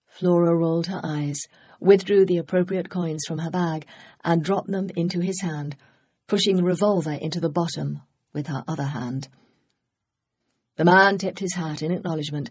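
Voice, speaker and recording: A woman narrating a cozy mystery audiobook, measured and poised. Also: fairly low pitch, fairly even intonation, a little mellow, husky. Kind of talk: scripted narration.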